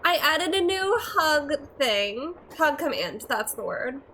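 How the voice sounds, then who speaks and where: Young woman streamer, slow unhurried talk, slightly high voice, giggly and chatty, live game commentary, faint noise. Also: sing-song, pushed and bright, low-quality recording.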